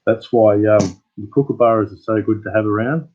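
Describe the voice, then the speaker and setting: A man's voice: fairly low pitch, fairly quick, a little hiss or hum. Laid-back Australian man, phone-like sound. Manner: rambling, laid-back storyteller. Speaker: channel host. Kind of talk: casual chat with live viewers.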